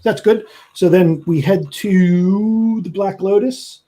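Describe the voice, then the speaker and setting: Chatty game master guy, kinda high voice, laughs a lot. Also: slow pace, mellow. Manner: loose, chatty, laughs often. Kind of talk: narrating a tabletop game.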